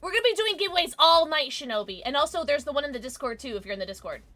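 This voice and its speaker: A woman live streamer chatting casually with her viewers, chatty and quick to swear. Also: high-pitched, soft background music. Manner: chatty, lively, swears freely.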